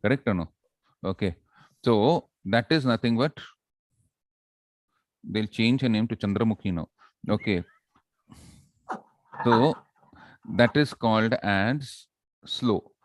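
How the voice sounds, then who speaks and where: A man with an Indian English accent teaching public speaking in an online class, animated and asking the class for responses often. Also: on the low side, normal speed, no room sound. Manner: animated, audience check-ins.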